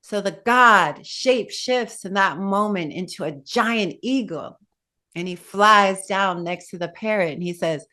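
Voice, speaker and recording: A woman meditation teacher tells a Buddhist tale during a dharma talk, animated and breaking off for asides to her listeners. Her voice is medium-pitched and unhurried.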